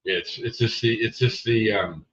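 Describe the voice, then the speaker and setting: At a measured pace, a man with a fairly low, slightly bright voice and fairly even intonation chats loosely on his livestream. He reads viewer comments and replies to people by name, captured in dull, lo-fi audio from well away from the microphone.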